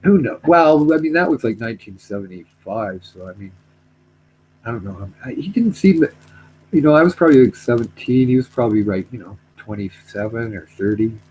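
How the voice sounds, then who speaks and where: A man's voice: medium pitch, lively intonation, fairly quick, a little mellow, slight background noise, poor audio. A middle-aged man telling a story in casual chat, rambling, repeating himself, trailing off.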